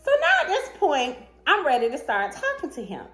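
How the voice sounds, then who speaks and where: A woman with a high voice tells a dating story to her viewers in a casual storytime. Her pitch swings widely as she acts out both sides of the chat, and she is sassy and animated, laughing often along the way. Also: a little fast, soft background music. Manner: laughs often while telling. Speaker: vlogger telling a dating story.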